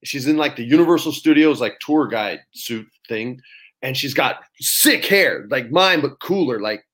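Animated storytelling man. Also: mid-range voice, moderate pace. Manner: animated, swears casually, acts out quotes. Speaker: actor guest. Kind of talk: casual storytelling.

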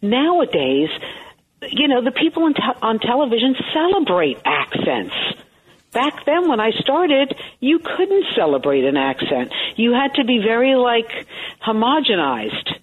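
A woman with a Brooklyn accent, a TV host telling animated, wisecracking stories as a guest in a casual interview. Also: a little high, unhurried. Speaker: TV morning show host, guest. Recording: tinny phone line, faint hiss.

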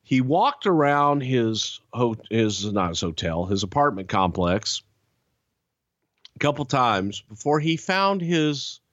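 Animated, profane man telling stories. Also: mid-range voice, slow pace, no echo, highs cut off. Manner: animated, profane, laughing storyteller. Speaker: podcast host. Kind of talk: casual storytelling.

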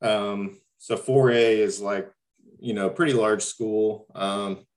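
A man's voice: on the low side, steady tone, takes it slowly. A young man from Missouri, a new varsity coach, talking hesitantly with many ums and restarts. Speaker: guest basketball coach. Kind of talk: casual interview talk.

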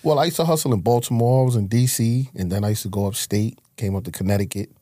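Husky New man telling stories. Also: fast, dry recording, clean studio sound. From Harlem, New York. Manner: slangy, animated storytelling with sudden high outbursts. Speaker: guest. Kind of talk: casual storytelling interview.

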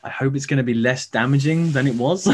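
A man's voice: medium pitch, brisk, breathy edge. A man, a stage actor, chatting as an interview guest over a video call, rambling with many fillers and restarts.

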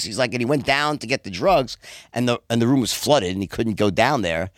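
A man telling stories in a casual talk, swearing freely and jumping his voice up high when he acts out what others said. His delivery is lively and the sound is close and dry, with no room around it. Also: a little fast, dry recording. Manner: profane, animated storyteller who acts out quotes in a high voice. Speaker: podcast guest. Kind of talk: casual storytelling chat.

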